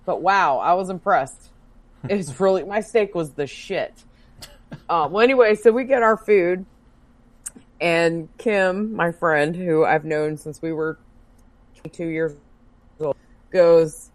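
A woman co-hosting a casual chat, telling a story in a loud, animated and profane way. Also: low voice, moderate pace, dry recording. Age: adult working as a bartender. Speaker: podcast co-host.

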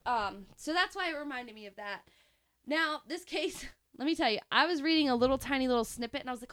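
Woman, podcast co-host, slightly high voice, loose and jokey, laughs easily, casual true-crime chat. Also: animated, fairly quick, fairly bright tone, no room sound. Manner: laughs often, joking banter.

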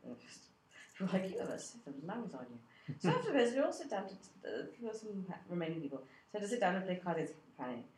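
A woman co-hosting a podcast at a convention, telling a story in an animated way and laughing often. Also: lowish voice, a little fast, roomy sound. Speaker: podcast co-host. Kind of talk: casual chat. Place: convention room.

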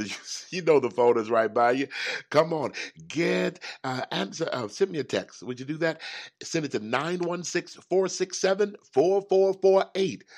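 A man hosting a motivational talk show, chatty and animated, often repeating himself. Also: medium pitch. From United States. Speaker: host.

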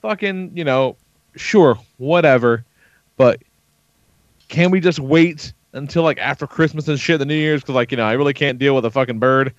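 In dull, lo-fi podcast audio with no room sound, a man in his thirties hosts and tells a story, chatting casually and profanely with lots of quoted dialogue. His voice is medium-pitched at a moderate pace.

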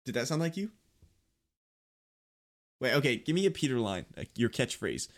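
Young male co-host, mid pitch, goofy and bouncy delivery. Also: very animated, moderate pace. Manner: goofy, easily confused, giggly. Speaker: podcast co-host. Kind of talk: casual chat.

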